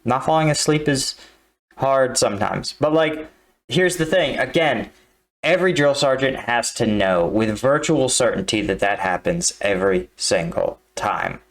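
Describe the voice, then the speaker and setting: A man's voice: mid-range voice, lively intonation, a little slow. A man hosting a reaction video, talking casually and often checking in with the listener. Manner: conversational, leans on tag questions like "right?". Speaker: reaction video host, army combat veteran. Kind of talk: casual commentary.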